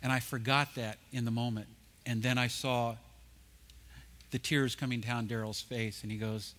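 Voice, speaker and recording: A man speaking at a conference, telling animated anecdotes with jokes. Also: mid-range voice, normal speed. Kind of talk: storytelling talk. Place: conference stage.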